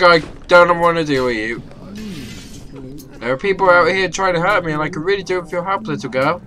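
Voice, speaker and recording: A man's voice: a little high, lively intonation, normal speed, pauses often, bright, forceful tone. A man commentating his video game play, swearing and taunting enemies. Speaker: gamer. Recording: game music behind. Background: game music and sounds.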